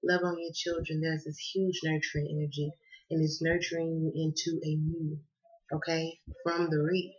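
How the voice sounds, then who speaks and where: A Southern woman from the US gives a casual tarot reading to camera, her voice low and level at a normal speed. She chats and laughs, keeps checking in with "okay?" and calls her listeners "baby." The recording sounds lo-fi.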